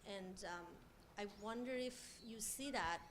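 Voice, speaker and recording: A woman's voice: medium pitch, unhurried, background noise. A woman in the audience asking a tentative question at an academic talk, wondering aloud as she goes.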